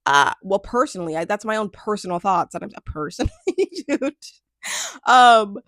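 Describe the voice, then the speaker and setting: Young woman, casual show recap host, chatty and sarcastic, animated pitch, dry close sound. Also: no echo. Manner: chatty, laughs a lot, trails off and restarts, sarcastic asides. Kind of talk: casual chat.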